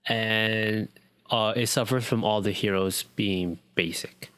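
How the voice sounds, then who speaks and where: A young man co-hosts a podcast, chatting casually and rambling with lots of ums and restarts. His voice is on the low side, steady, slow, a bit bright, clear, and resonant, in a dry recording.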